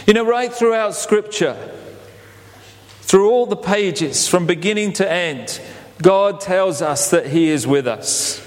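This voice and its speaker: A man preaching a sermon, telling it as an animated story and acting out the quotes. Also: sits high, takes it slowly. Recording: long hall reverb.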